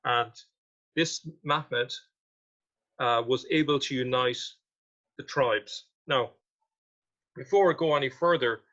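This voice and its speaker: A man's voice: medium pitch, slow, pauses often, fairly bright tone. A man walking listeners through old sources and maps, reading quotations and then asking pointed questions about them. His voice sits in a middling register. The recording sounds dull and lo-fi. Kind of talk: explaining history with slides.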